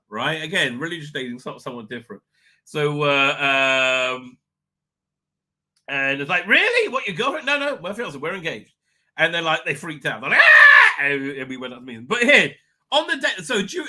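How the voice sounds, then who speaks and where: Middle-aged man hosting a livestream, rambling and chatty, with a fairly high and very bright voice. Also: sing-song, moderate pace. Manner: rambling, chatty, many fillers and restarts. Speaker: livestream host. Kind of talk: casual livestream chat. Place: home office.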